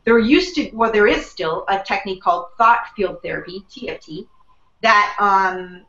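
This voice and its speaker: Bright, chatty woman in a roomy room. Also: medium pitch, animated, normal speed. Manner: chatty, many fillers and restarts. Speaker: guest, emotional wellness coach. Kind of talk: conversational explaining. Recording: dull lo-fi sound in a roomy space.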